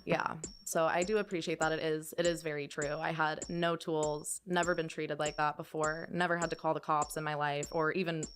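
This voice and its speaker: Low-voiced young woman telling her story. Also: flat delivery, moderate pace, few pauses, slight background noise. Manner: hesitant, lots of "like" and restarts. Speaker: podcast guest. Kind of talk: personal storytelling.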